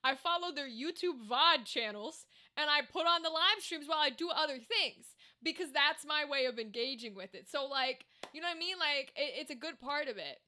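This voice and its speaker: A woman's voice: sits high, animated, moderate pace, hardly any pauses, bright, forceful tone. A young woman voice actor chatting casually with her chat on a live stream at home, rambling and reacting to messages. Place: home room with a table setup. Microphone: desk microphone.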